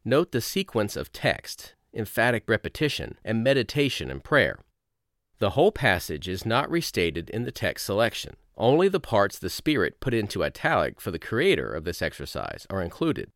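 A man reading a devotional lesson aloud in a slow, reflective way with measured pauses. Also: lowish voice, wildly swooping pitch, a bit bright, no echo, clean studio sound. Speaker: course narrator.

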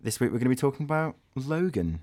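A man's voice: mid-range voice, very animated, quick pace, darkish tone, no echo, studio quality. A man co-hosting a podcast in a casual, chatty way, with lots of fillers. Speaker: podcast co-host. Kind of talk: casual chat.

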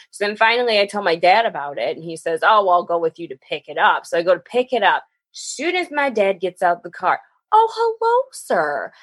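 A woman's voice: slightly rough, dry recording. A young adult woman telling a story in casual chat, acting out every quote with big swings. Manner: animated, acts out quotes with big pitch swings. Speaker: co-host.

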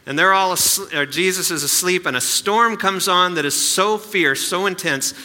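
A man's voice: high-pitched, normal speed, pushed and bright, in a large hall. A male pastor giving a sermon in a conversational way, with asides and rhetorical questions.

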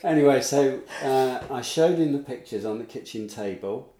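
A man's voice: mid-range voice, normal speed, mellow. A man telling a meandering story in casual chat, with many restarts. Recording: roomy echo.

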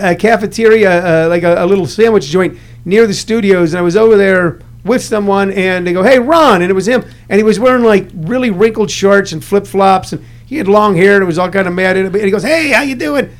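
A man's voice: sits high, fairly quick. A man hosting a casual podcast interview, rambling with many restarts and jokey anecdotes. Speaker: podcast host.

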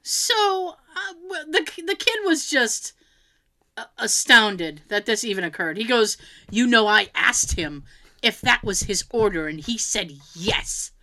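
A woman's voice: on the high side, a little slow. A woman telling a funny story in casual chat, acting out what others said and laughing often. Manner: animated, acts out quotes of others, laughs often.

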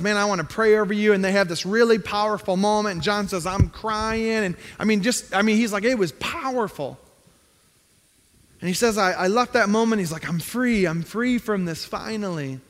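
Male pastor, high voice, middle-aged, conversational sermon, emphatic, long hall reverb. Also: a bit bright. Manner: conversational preaching, rising to emphatic pleading.

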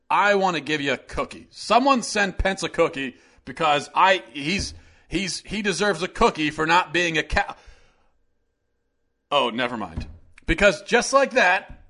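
A man hosting an opinion monologue, sarcastic and indignant, building up to loud rants. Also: fairly high pitch. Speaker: host.

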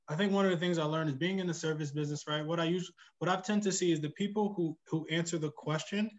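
A man's voice: fairly high pitch, steady tone, a little fast, dull audio. A man who runs a short-term rental, talking reflectively in a casual podcast chat and tagging his points with "right?". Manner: reflective, many "right?" tags and restarts.

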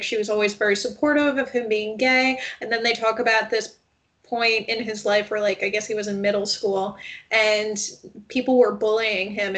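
A woman co-hosting a casual chat show, telling stories in an animated way and quoting people as she goes. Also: medium pitch. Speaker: podcast co-host. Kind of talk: casual chat about reality TV.

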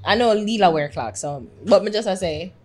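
A Jamaican woman chatting on a podcast with a mid-range voice. She talks in an animated, laughing way and slips between patois and English. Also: medium pitch, brisk, soft background music. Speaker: podcast co-host. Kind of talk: casual chat.

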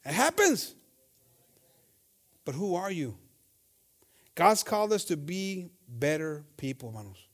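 A high-voiced man preaches to his congregation, moving between English and Spanish. He reads scripture at a slow, measured pace, then rises into loud, impassioned shouting and acts out the voices of gossipers. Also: very animated. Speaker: pastor. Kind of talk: bilingual sermon.

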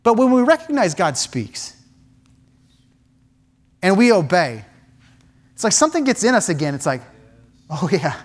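A man's voice: high-pitched, huge pitch swings, moderate pace, pauses often. A man preaching a sermon in a church, impassioned, with repeated phrases and many restarts. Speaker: pastor.

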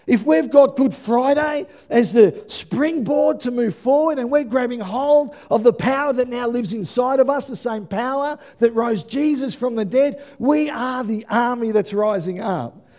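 High-voiced preaching man, bursts into shouts. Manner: animated preaching, shouting at peaks, quick asides. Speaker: pastor. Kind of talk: sermon.

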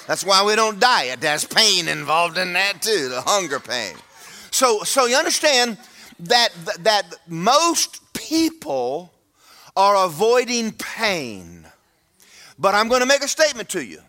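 Lively folksy preacher man. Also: sits high. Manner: folksy, humorous, emphatic. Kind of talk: sermon. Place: church sanctuary.

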